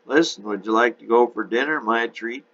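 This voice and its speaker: A man voicing a friendly older gentleman with a Texas drawl, in a dull lo-fi recording. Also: mid-range voice, normal speed, pitched above the performer's own voice. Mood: genial. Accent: Texan. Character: short older Texan gentleman in a suit, smooth and friendly.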